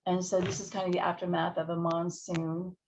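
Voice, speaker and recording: A woman giving a conference talk that walks listeners through calming techniques, speaking in a gentle, guiding way and chuckling often. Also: on the low side, brisk, a little hiss or hum. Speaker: plenary speaker. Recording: dull lo-fi audio.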